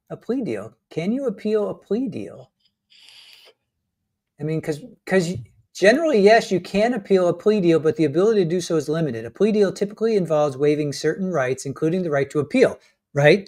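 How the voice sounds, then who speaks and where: Male co-host, trial-commentary stream, halting delivery with frequent restarts. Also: a little high, a little mellow. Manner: hesitant, restarts often, chuckles while reading out legal points. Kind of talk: casual live commentary.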